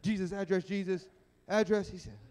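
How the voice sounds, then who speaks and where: High-voiced preacher telling a story. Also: male voice, brisk. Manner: animated, dramatic storytelling. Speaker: evangelist. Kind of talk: storytelling sermon at a youth rally. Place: church sanctuary. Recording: echoey church sanctuary.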